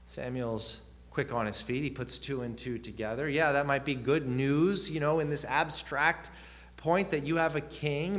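A man's voice: a little high, measured pace, a bit bright. A man preaching a sermon, earnest, with rising and falling emphasis and questions put to the listeners.

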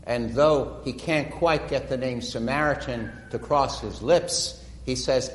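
A man preaching a sermon, retelling stories dramatically and slowing down for emphasis. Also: medium pitch, a little hiss or hum. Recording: echoey hall reverb.

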